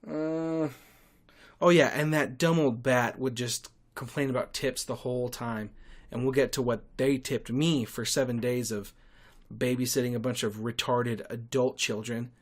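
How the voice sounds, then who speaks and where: A man's voice: medium pitch, steady tone, measured pace. A young man hosting a podcast, telling stories in a crude, sarcastic rant. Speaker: podcast host. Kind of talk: solo podcast monologue.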